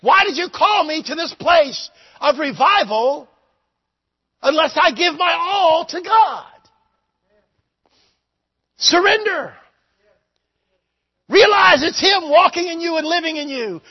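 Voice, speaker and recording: A man preaching a revival sermon, shouting fervently and then dropping to quiet storytelling. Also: extremely high pitch, expressive, takes it slowly, long pauses. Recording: dull lo-fi recording.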